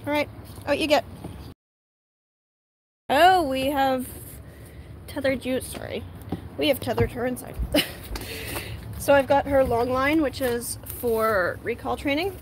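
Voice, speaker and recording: A woman hosting a casual livestream from home, talking to her puppy in a high sing-song voice as she walks her in and out of the garden. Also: slow pace, pauses often, background noise. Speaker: livestream host. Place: at home, moving indoors and out to the garden.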